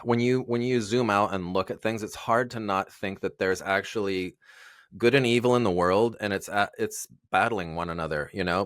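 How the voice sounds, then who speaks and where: A man's voice: on the low side, fairly bright tone, no room sound, clean studio sound. A man guest in a casual interview, talking earnestly and rambling with many fillers and restarts.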